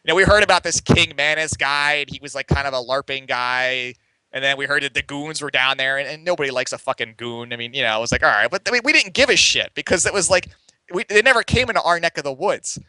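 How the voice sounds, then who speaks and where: A young man who writes for a game community tells a long story as a podcast guest, rambling casually with lots of swearing and fillers like "like" and "you know." His voice is fairly high, fast, pushed and bright, with a clear, resonant tone. The recording is rough but has no room sound.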